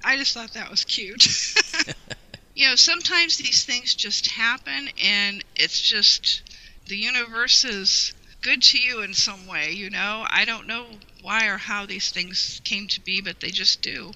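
Woman guest, very bright voice, heartfelt and rambling, emotional storyteller. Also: medium pitch, unhurried, rough recording. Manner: heartfelt, rambling with frequent "you know". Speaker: guest, longtime fan. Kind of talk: personal storytelling in an interview.

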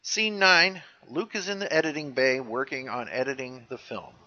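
A man's voice: mid-range voice, moderate pace, pushed and bright. A man co-hosting a podcast, chatting casually and joking as he recaps scenes of a show. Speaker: podcast co-host. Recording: dull lo-fi recording.

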